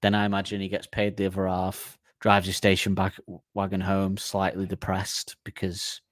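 A man's voice: deep voice, completely flat delivery, moderate pace, dry recording, studio quality. A man, co-hosting a comedy podcast, rambling through mocking tangents with frequent laughs. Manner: rambling, mock storytelling with laughter. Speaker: podcast co-host.

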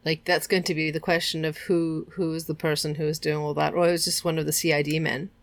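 A woman thinks aloud in a casual book chat, often pausing and restarting. Her voice sits a little low. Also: flat delivery. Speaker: co-host. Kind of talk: casual discussion.

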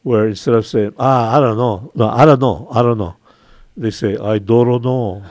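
An older man from Hawaii with a Hawaiian accent, hosting a casual radio chat, chatty and quick to laugh. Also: medium pitch, darkish tone. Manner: chatty, laughs easily, imitates local sayings. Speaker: radio show host.

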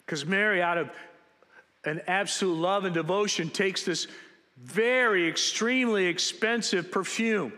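A man preaching a sermon in church, telling Bible stories in an animated way and acting out the people in them. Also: high-pitched, unhurried, long reverb tail. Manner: animated storytelling, acting out biblical characters. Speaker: pastor.

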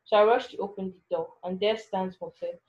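A woman reads a first-person story aloud, anxious and full of self-questioning, at an ordinary mid pitch. The recording is dull and lo-fi, with muted highs. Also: steady tone, normal speed, darkish tone. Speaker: narrator.

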